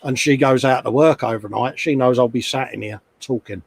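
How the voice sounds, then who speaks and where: A man's voice: mid-range voice, fairly quick, gravelly, breathy edge. A middle-aged man hosting a casual live chat from his hobby workshop, chatty and self-mocking, often laughing at himself. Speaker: livestream host. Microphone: desk microphone.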